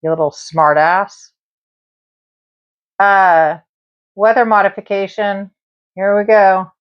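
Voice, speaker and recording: A woman's voice: mid-range voice, steady tone, slow, pauses often, dull audio. A woman hosting a spiritual live stream, chatting casually and talking straight to her viewers and the spirits. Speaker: live-stream tarot and spirit box host.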